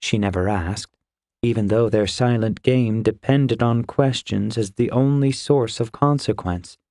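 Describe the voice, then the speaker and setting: A man reading a fantasy novel aloud in a steady, measured storytelling voice. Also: lowish voice, no echo, studio quality. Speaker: audiobook narrator. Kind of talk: scripted fantasy narration.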